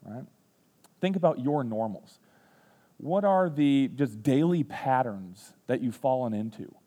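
A man in his thirties, a pastor giving a sermon, telling funny self-deprecating stories and then speaking quietly and earnestly. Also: mid-range voice, expressive, measured pace. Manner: humorous, self-deprecating storyteller who acts out quotes; turns quiet and earnest when reflecting. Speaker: student ministries pastor. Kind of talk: sermon with personal storytelling.

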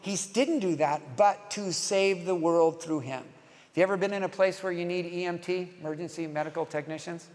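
A man's voice: high voice, moderate pace, darkish tone. A man preaching a sermon as a pastor, emphatic, leading the congregation to repeat phrases with him. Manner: emphatic, leads congregation in call-and-response. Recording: long hall reverb.

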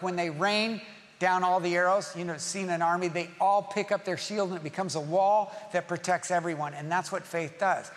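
A male pastor preaching an animated sermon, acting out scenes and rising to shouts. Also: high voice, big-room sound.

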